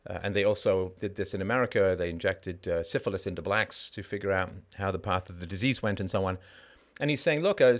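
A man with a somewhat low voice hosts a live call-in show. He delivers a heated monologue, blunt and profane, full of rhetorical questions and sardonic asides. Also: a bit bright.

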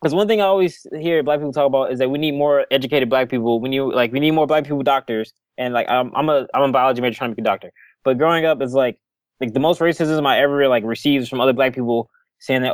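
A man's voice: mid-range voice, fast, no room sound. A young man calling in to a talk show, rambling in a casual way, with lots of "like" and frequent chuckles. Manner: rambling, many "like" fillers, chuckling. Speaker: caller. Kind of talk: casual call-in chat.

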